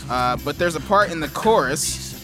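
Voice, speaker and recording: A woman's voice: deep voice, lively intonation, normal speed, music in the background. A woman co-hosting a podcast in casual chat, joking, swearing freely and acting out quotes. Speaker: podcast co-host.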